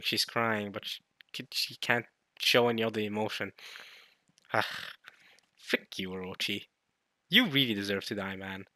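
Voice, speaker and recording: Bright-voiced excitable man reacting. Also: fairly low pitch, a little slow, pauses often, dry recording, studio quality. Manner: excitable, reacting aloud with mild swearing and self-corrections. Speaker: manga reaction YouTuber. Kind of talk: casual reading and reaction commentary.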